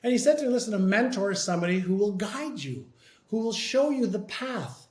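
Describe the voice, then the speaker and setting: A man's voice: high voice, brisk, roomy sound. A man from Canada telling a personal story in an interview, acting out both sides of a remembered conversation. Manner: animated retelling, acting out both sides of the dialogue. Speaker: interview guest.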